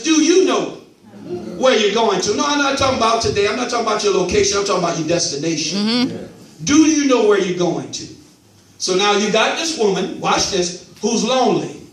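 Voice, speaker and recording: A male pastor preaching an animated sermon, repeating catchphrases to his congregation. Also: sits high, slight background noise. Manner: animated call-and-response preaching, repeats "watch this". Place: church sanctuary. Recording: echoey church hall from far off.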